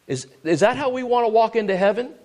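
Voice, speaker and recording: A man's voice: sits high, expressive, fast. A man preaching a sermon, full of rhetorical questions and scripture read in old-fashioned wording, stumbling and repeating words as he drives his points home. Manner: emphatic, rhetorical questions, swings to hushed tones; repeats words and restarts often.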